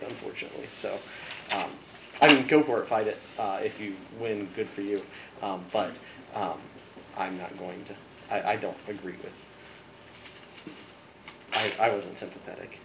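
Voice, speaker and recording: A male teacher talking casually to his class, rambling with many ums and restarts. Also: fairly low pitch. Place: school classroom. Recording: echoey classroom with loud background noise.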